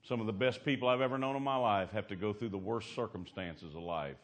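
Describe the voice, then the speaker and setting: A man with a fairly low voice preaches a fervent sermon. His talk is plain and folksy, and his voice surges up to loud, climbing peaks, then drops to a hushed storytelling tone. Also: a little fast. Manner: folksy, colloquial grammar.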